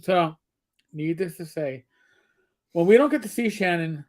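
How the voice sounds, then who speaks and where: A man's voice: on the high side, lively intonation, unhurried. A middle-aged man co-hosting a casual livestream, telling rambling, joking stories with frequent restarts. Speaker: co-host.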